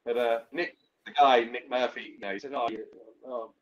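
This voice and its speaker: A man's voice: mid-range voice, fairly even intonation, moderate pace, highs cut off. A man, a musician guest, telling a long story casually with many restarts and fillers.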